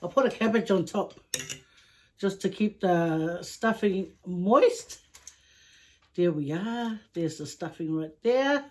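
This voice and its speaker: Woman host for a home food vlog; relaxed, leisurely talker, chatty with small sighs. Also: fairly low pitch, slow, a little hiss or hum. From Samoa. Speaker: mukbang vlogger. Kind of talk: casual chat to camera.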